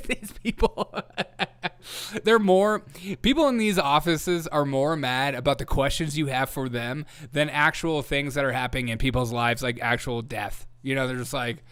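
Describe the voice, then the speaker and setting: A man hosting a satirical commentary show, sarcastic and quick to laugh at his own mocking asides. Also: medium pitch, a bit bright, smooth. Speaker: host.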